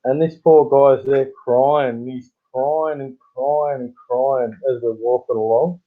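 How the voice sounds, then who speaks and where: This Australian livestream host speaks slowly in a mid-range voice with fairly even intonation. He chats casually, spinning long, rambling stories and chuckling often, all through tinny phone-like audio.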